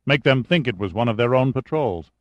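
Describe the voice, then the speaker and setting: A calm, decisive colonel giving orders, as a man reads him, measured and authoritative. The voice sits at a middle pitch and is recorded close and dry, with no room sound. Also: no echo, highs cut off, close to an everyday voice.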